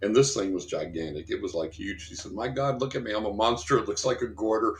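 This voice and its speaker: Deep-voiced man telling stories, roomy sound. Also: fast talker. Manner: rambling anecdotal, acts out quoted voices. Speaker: guest, psychic and paranormal investigator. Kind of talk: storytelling in a podcast interview.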